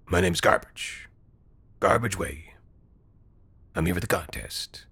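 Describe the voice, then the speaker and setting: A man's voice: low-pitched, lively intonation, slow, bright, forceful tone, slightly rough, no echo, heavily acted. A man voicing an odd, confused middle-aged wanderer who speaks hesitantly.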